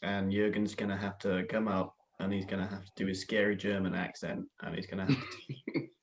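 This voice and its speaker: Wry low-voiced man from Britain. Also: flat delivery, fairly quick. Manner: wry, teasing. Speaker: podcast panelist. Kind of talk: casual roundtable chat.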